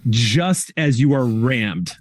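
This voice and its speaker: A man running a tabletop game as game master, describing the action vividly and pausing often with "um". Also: medium pitch, lively intonation, no room sound. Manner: vivid descriptive narration with frequent ums.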